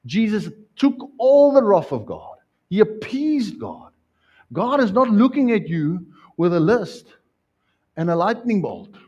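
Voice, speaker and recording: Pastor acting out scenes. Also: male voice, high-pitched, unhurried, breathy edge, dull audio. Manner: animated, acts out scenes, rhetorical questions. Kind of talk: sermon. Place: church.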